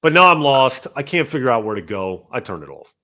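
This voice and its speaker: A man hosting a casual gaming podcast and reading out viewer donations, with animated talk that jumps from loud bursts to low mutters. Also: a little fast. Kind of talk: casual chat.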